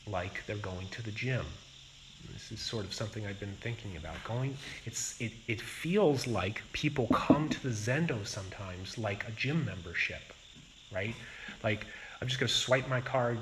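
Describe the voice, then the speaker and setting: A man as a Zen teacher giving a dharma talk, speaking in a slow and reflective way with pauses. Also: fairly low pitch, a bit bright, slight background noise, rough recording.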